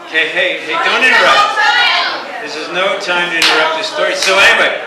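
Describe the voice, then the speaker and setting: A man's voice: high voice, fairly quick, heavy background noise. A man giving a rowdy, profane after-dinner speech at a rugby club banquet, playfully scolding the crowd between jokes. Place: banquet hall. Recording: echoey hall from far off with crowd.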